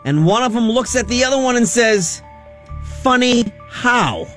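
A man's voice: very high voice, a little fast. A man co-hosting a radio show, adding short, laid-back remarks. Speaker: radio co-host. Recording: radio studio with music bed.

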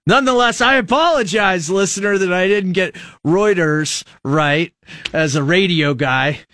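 A middle-aged American man hosts a radio show in a loose, rambling way, poking fun at his own mispronunciations. His voice sits a little high for a man. The studio sound is dry and close to the mic. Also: unhurried, bright, forceful tone, dry recording. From United States. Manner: rambling, self-mocking, laughs at himself. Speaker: radio host. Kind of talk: casual radio chat. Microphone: studio microphone.

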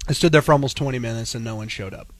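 A man's voice: medium pitch, rapid-fire. A man in his forties telling a story in a casual, rambling way as a morning radio host. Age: 40s. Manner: animated, rambling storytelling with many restarts.

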